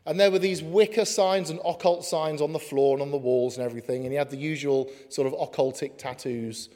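Guy preaching in church, slightly high voice, earnest, big echoey hall. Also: fairly even intonation, a little mellow. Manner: earnest, builds to emphatic slow lines. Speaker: pastor. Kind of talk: sermon. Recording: long hall reverb.

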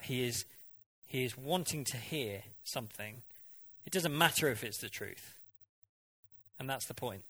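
A man's voice: mid-range voice, pushed and bright. A man preaching a sermon in a conversational way, often asking the congregation questions and now and then mimicking voices for effect.

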